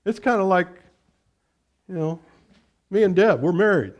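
A middle-aged man preaching as a pastor, lifting his voice loud on scripture and dropping to quiet, conversational asides. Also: high-pitched, animated, a little slow, pauses often, dull audio. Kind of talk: sermon.

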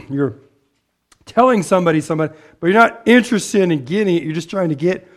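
A man preaching a casual sermon to a small gathering. His voice sits a bit high for a man. He talks things through, often checks in with the room and clears his throat along the way. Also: expressive, moderate pace, fairly bright tone. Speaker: pastor.

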